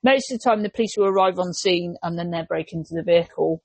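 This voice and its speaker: A woman with an English accent, co-hosting a casual podcast chat, talking in a chatty, lively way and slipping into quoted voices. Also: lowish voice, quick pace, dry recording. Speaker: podcast co-host.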